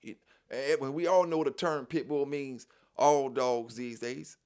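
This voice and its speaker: A man's voice: mid-range voice, fairly even intonation, a little slow, darkish tone. A man hosting a dog news channel, talking casually to viewers in a repetitive, preachy street style full of "you know what I'm saying.".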